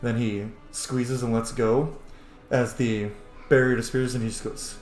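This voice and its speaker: Slow, loose-talking male game master. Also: mid-range voice, level tone, a little mellow, roomy sound, faint music behind. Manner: loose narration with frequent fillers. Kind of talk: narrating a tabletop game.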